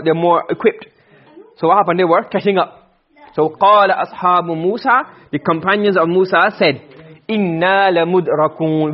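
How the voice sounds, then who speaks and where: A man's voice: high-pitched, muffled recording. A man teaching Arabic grammar in a classroom lecture, explaining step by step and quizzing his students.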